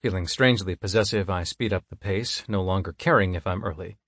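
Male audiobook narrator, measured and even, low pitch, dry booth. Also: no echo. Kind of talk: first-person scripted narration.

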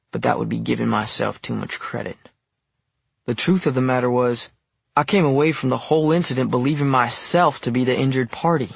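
A man narrating an audiobook in the first person, measured and wry. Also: mid-range voice, creaky, slightly rough, dry recording.

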